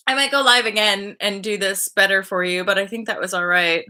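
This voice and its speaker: A woman in her thirties talks loosely to her viewers on a live spiritual update. Her voice is bright and forward, and she rambles and sidetracks. She keeps jumping up into high, gushing voices. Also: fairly even intonation, brisk, few pauses. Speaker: spiritual vlogger hosting a live energy update. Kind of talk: rambling casual live chat.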